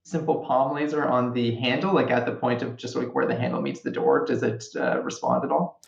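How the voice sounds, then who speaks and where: A man's voice: mid-range voice, lively intonation, brisk, gravelly. A man playing a tabletop game, thinking aloud hesitantly and describing what his character does. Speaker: player. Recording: dull echoey room sound.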